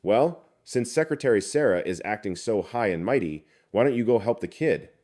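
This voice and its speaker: A selfish, domineering middle-aged boss, voiced by a low-voiced male narrator, barking commands. His voice goes sharply up and loud when he snaps. It is a storybook recap figure with bullying force. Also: lively intonation, moderate pace.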